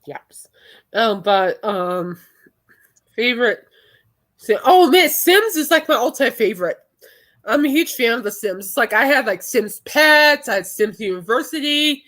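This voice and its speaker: A woman's voice: high-pitched, expressive, moderate pace, fairly bright tone. A young adult woman hosting a podcast in casual chat, rambling and laughing often. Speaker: podcast host.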